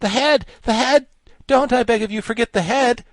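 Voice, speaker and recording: A man voicing an excitable, fussy male insect creature in a storybook reading, with a shrill, pleading manner. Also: moderate pace, dry recording. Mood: excited.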